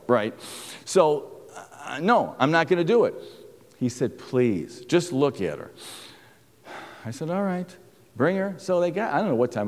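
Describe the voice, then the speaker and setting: A man delivers a sermon-style testimony with a lively, swooping voice. He tells the story with little chuckles and acts out the voices in it. The sound carries a long reverb, as in a big hall. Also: on the low side. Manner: animated storytelling with chuckles and quoted dialogue. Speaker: speaker giving a testimony talk.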